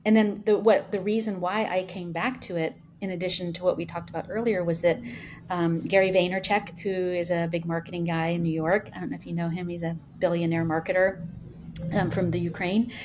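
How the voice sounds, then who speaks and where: A woman in her fifties, a founder talking as a podcast guest, telling stories in a lively way with many fillers. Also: on the low side, a little fast, slight background noise. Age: 50s. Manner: animated storyteller, many fillers. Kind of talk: casual interview talk.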